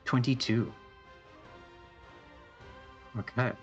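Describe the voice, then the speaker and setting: A man narrating a tabletop horror game as game master, in relaxed, halting narration with many restarts. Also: medium pitch, muffled recording, faint music behind.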